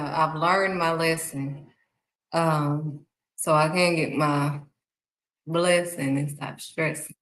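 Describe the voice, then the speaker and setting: A woman giving a casual, animated faith talk, speaking straight to her viewers. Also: sits low, echoey room, poor audio. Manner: animated, acts out excited voices and exclamations; talks straight to viewers, calling them honey. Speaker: faith vlogger.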